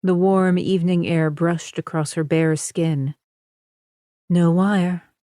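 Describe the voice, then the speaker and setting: A woman reading a suspense audiobook in a measured, even narration style. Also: fairly low pitch, dry recording, clean studio sound. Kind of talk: scripted narration.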